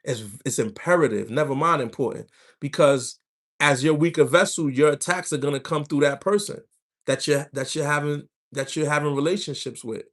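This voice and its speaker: Man livestreaming spiritual advice, voice a bit on the high side, loose and slangy, telling stories to the chat. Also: moderate pace. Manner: animated storytelling with slang and asides to viewers. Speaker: livestream host. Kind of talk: casual spiritual advice talk.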